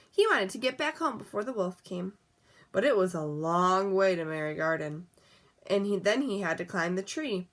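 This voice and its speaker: Lively woman reading a storybook. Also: medium pitch. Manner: lively, expressive reading with soft asides. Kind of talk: storybook read-aloud.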